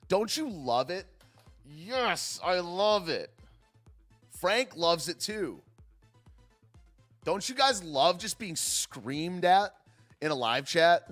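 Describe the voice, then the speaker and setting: A man's voice: fairly high pitch, fairly bright tone. A man hosting a live stream, ranting casually in a sarcastic, wry way and talking to his chat. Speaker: livestream host.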